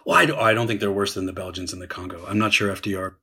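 Male historian guest, husky and low, talks it through with fillers. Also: fairly even intonation, rapid-fire, pushed and bright. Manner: explains at length with many restarts and fillers. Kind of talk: conversational podcast discussion.

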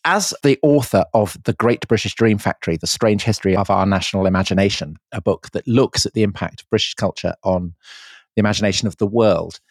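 A man co-hosting a conversational podcast, asking questions in a wry way and quick to concede points. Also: fairly low pitch, no room sound, studio quality. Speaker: podcast co-host.

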